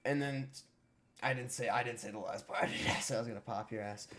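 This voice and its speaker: A man's voice: lowish voice, steady tone, fast talker, fairly bright tone. Profane rambling teenage guy. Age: teens. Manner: profane, rambling, with frequent fillers. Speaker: streamer. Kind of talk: casual storytelling.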